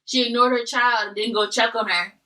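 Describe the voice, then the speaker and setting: A woman's voice: a little high, fairly even intonation, brisk, sharp tone, far from the mic, a little hiss or hum, rough recording. A woman hosting a casual eating video, animatedly telling a story. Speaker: host.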